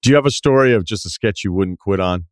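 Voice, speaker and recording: A man hosting a podcast, firing off questions fast in a low voice. The room sound is dry and close to the mic. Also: dry recording. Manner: quick, conversational questioning. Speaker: podcast host. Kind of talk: casual interview.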